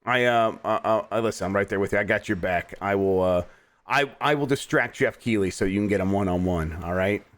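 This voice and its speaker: A man's voice: fairly low pitch, fairly quick, a bit bright. Tired host guy rambling, trips over his words, laughs a lot. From United States. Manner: rambling, stumbles and restarts, laughs easily. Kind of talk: casual chat.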